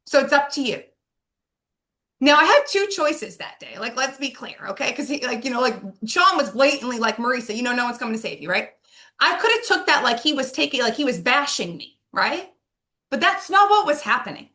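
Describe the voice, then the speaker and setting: A woman's voice: high-pitched, big pitch swings, normal speed, sharp tone. A woman hosting an interview, chatty and enthusiastic, recapping points with lots of "like"s. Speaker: podcast host.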